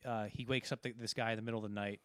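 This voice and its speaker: A man's voice: on the low side, steady tone, rapid-fire, fairly bright tone, no echo. Rambling man recapping a film. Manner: rambling, retells scenes with many restarts. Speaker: podcast co-host. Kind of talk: casual film discussion.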